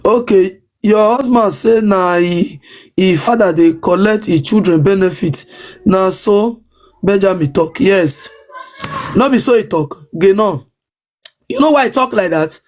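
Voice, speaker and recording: A woman's voice: medium pitch, unhurried, darkish tone. A woman with a Nigerian Pidgin English accent ranting on a livestream, emphatic and defiant, repeating her points over and over. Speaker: social media live streamer. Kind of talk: livestream rant.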